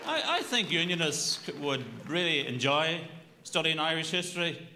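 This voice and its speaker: A man's voice: fairly high pitch, lively intonation, normal speed, pushed and bright, slight background noise. A man doing a stand-up routine in a dry, mock-serious way. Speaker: stand-up comedian.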